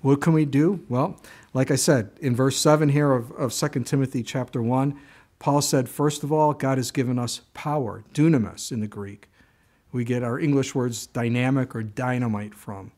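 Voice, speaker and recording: A pastor preaching a sermon, a man telling stories with animated delivery and asking the congregation rhetorical questions. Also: mid-range voice, normal speed.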